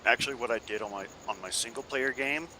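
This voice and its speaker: A man's voice: mid-range voice, fast talker, pushed and bright, a little hiss or hum. A man joining a gaming stream, chatting casually and hesitantly about his own game. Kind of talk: casual chat.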